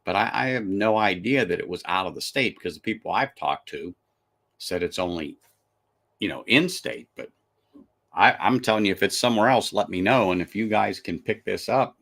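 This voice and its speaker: A man's voice: on the low side, normal speed, fairly bright tone. A man hosting a live stream, reviewing a whiskey in casual, chatty talk full of restarts and fillers.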